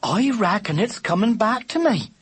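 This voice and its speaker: A man's voice: high-pitched, very animated, moderate pace, breathy edge, no room sound, pitched above the performer's own voice, full character voice. A man voicing a cooing female pigeon in an audiobook. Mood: cheerful. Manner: cooing, rustic. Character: chatty, motherly female pigeon.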